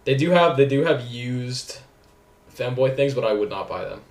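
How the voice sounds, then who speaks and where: A man's voice: mid-range voice, expressive, moderate pace. A young man hosting a casual podcast, rambling and giggling at his own jokes. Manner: giggly, rambling, self-mocking. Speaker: podcast host. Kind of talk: casual chat.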